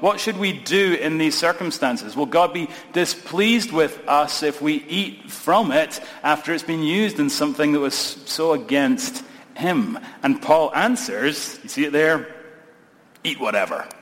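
A man's voice: on the high side, a little slow, fairly bright tone. A man with a Scottish accent, a pastor giving a sermon in a conversational, lightly humorous way. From Scotland. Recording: long reverb of a large hall.

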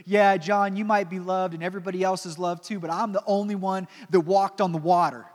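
A man acting out a boastful disciple, a man bragging to his friends, raised and quick, in a long echoing hall. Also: sits high, steady tone, natural voice. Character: boastful male disciple Peter.

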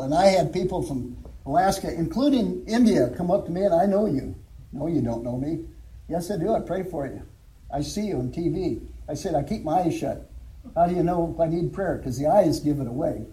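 An older man, a former alcohol counselor, gives his church testimony in a folksy, storytelling way, chuckling now and then. His voice sits high for a man yet sounds very dark and mellow. The recording is rough.

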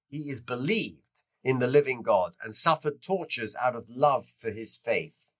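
A man teaching through a lecture that tells a story, with lively swings in pitch and loudness. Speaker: teacher of Jewish history.

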